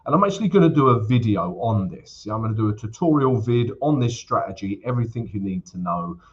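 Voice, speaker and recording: A man's voice: lowish voice, sing-song, fast talker. Chatty male forex livestream host. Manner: chatty, many fillers, addresses viewers as guys. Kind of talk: casual live-stream chat. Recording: slightly dull lo-fi stream audio.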